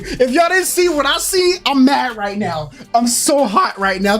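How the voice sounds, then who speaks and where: A man's voice: high-pitched, a little slow. Young guy hyping game news on his channel, fake-mad then stoked, faint music under it. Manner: hyped, animated, swings between mock anger and delight. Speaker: gaming channel host. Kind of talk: excited game news commentary.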